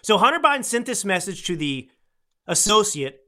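A man hosting a political talk podcast, talking close to the mic with a bright, forward edge. His voice sits somewhat high for a man. He rambles and swings from near-shouting to a near whisper. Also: normal speed. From United States. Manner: animated, rambling, swings between loud and soft. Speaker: podcast host. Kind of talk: political commentary monologue. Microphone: close studio microphone.

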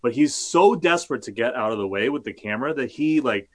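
A man's voice: medium pitch, lively intonation, brisk. Rambling man journalist, casual. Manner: rambling, many fillers and restarts, swears. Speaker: journalist, guest. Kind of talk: casual interview talk.

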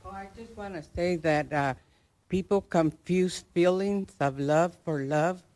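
A man in the audience sharing a personal testimony, halting and reflective. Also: high voice, a little mellow. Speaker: audience member.

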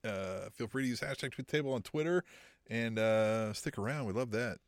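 A man's voice: mid-range voice, fairly quick, no echo, clean studio sound. A man co-hosting a casual wrestling podcast, joking and easygoing, cursing freely. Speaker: podcast co-host.

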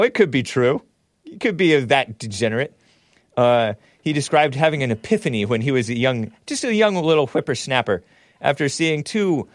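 A man's voice: a little high, big pitch swings, normal speed, dry recording, clean studio sound. A man hosting a show, giving sarcastic, mocking commentary on the news. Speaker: host.

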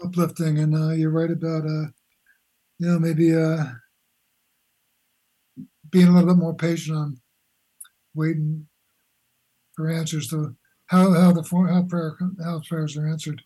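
Older male guest, halting and reflective; warm, dark tone, slightly high pitch. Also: level tone, low-quality recording. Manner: halting, searching for words with many restarts. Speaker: guest, philosopher and boxing coach. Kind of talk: conversational interview.

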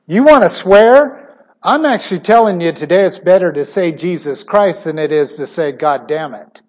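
A middle-aged man preaching a sermon emphatically, his voice swinging suddenly between loud stressed words and quiet asides. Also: high voice, expressive, normal speed.

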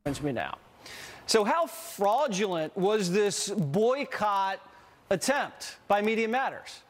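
A man's voice: high-pitched, sing-song, slow pace. A man hosting cable news commentary, talking in a dismissive, glib way. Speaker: TV news host.

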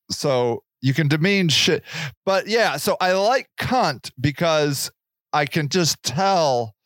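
A man's voice: medium pitch, fairly bright tone, no echo, studio quality. A man in his forties hosting a solo podcast, rambling and joking in casual talk and swearing freely. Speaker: podcast host.

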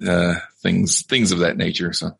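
A man's voice: sits low, little pitch movement, moderate pace, vocal fry, slightly rough, no room sound. A man with a Southern American accent, hosting a podcast in easygoing casual chat and laughing often. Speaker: podcast host.

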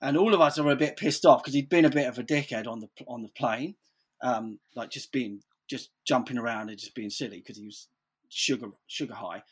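A man's voice: mid-range voice, brisk, slightly rough. A man telling stories in casual chat, rambling, swearing freely and saying "like" constantly.

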